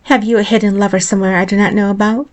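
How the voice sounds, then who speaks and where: A woman's voice: mid-range voice, flat delivery, very fast, darkish tone, natural voice. A woman voicing a haughty, spiteful royal concubine in a storybook reading, scornful and mocking.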